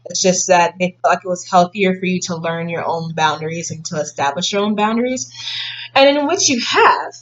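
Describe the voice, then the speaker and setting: A woman's voice: fairly low pitch, a little fast, few pauses, lo-fi sound. A woman giving a casual tarot reading to her viewers, rambling with many fillers and restarts. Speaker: tarot reader.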